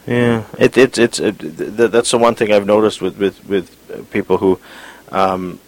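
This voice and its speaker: Man, deep voice, halting, stammering restarts, interviewer, internet radio. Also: fairly even intonation, low-quality recording. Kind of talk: interview conversation.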